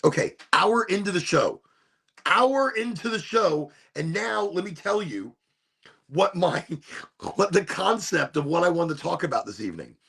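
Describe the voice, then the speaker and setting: Gravelly, raspy man musing aloud. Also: a little high. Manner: rambling, philosophical, repeats and restarts phrases. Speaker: show host. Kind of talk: reflective solo talk show monologue.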